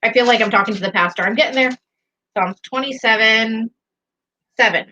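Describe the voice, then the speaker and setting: A woman's voice: a little high, brisk, sharp tone, dull audio, slight background noise. A woman co-hosting a casual morning livestream, giggly, playful and self-deprecating. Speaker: co-host.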